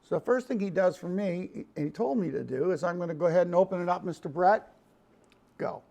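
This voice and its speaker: Man, Chicago accent, high-pitched, folksy studio producer, hands-on guitar lesson. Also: a little fast, gravelly, warm tone. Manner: folksy, calls people "Mister". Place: recording studio.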